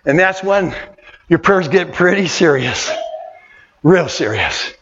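A man preaching a sermon in fervent, repetitive, colloquial style, breaking into sudden shouts. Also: high voice, sing-song, normal speed. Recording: dull sound with long hall reverb.

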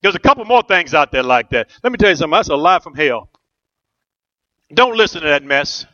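A man's voice: fairly high pitch, expressive, brisk, sharp tone, dull audio. A middle-aged man preaching a rousing sermon as pastor, asking the church questions and answering them.

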